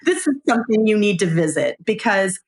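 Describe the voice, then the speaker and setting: Middle-aged woman on a podcast, telling a story, animated, acts out the quotes, medium pitch. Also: brisk. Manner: animated, acts out quoted dialogue, laughs often. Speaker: podcast guest, former preschool owner. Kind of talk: storytelling in a casual interview.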